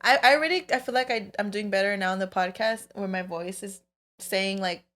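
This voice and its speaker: A woman's voice: mid-range voice, a little fast, fairly bright tone. A young woman co-hosting a podcast in casual chat, talking in loose, filler-heavy runs full of "like". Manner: chatty, filler-heavy, lots of "like". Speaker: podcast co-host.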